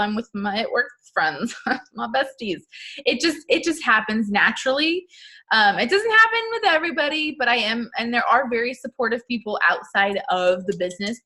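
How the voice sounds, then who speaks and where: A woman's voice: on the high side, sharp tone. A young adult woman giving a casual motivational talk to her team, chatty and upbeat with lots of "like" fillers. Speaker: network marketing team leader.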